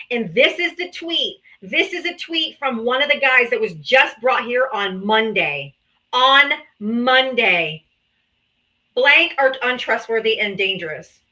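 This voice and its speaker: A young woman hosts a confrontational political livestream, her voice bright and pushed forward. She taunts and calls out viewers, daring them to join. She speaks a little higher than most women. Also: poor audio. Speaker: livestream host.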